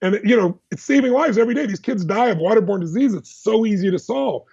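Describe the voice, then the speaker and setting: A man as a podcast guest, telling personal stories in an animated, emphatic, fast-flowing way. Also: high-pitched, gravelly, breathy edge, muffled recording. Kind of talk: energetic personal storytelling.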